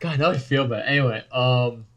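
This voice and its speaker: A man's voice: mid-range voice, normal speed, low-quality recording. Hesitant young man in casual podcast banter. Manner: hesitant, joking reactions. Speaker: podcast co-host. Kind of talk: casual chat.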